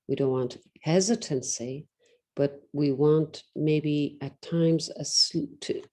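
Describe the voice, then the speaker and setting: A woman teaching an exam-prep lesson in a relaxed, darker-toned voice. She is instructive, fills gaps with ums, and stretches out pauses to show how to pace speech. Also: sits low. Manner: instructive, deliberately slows and pauses to demonstrate, frequent ums. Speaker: English exam tutor.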